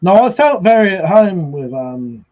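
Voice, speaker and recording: A man's voice: high voice, big pitch swings, measured pace. A drunk man hosts a livestream, chatting casually, reading out viewer comments, swearing freely and laughing often. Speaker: livestream host. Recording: slightly muffled livestream audio.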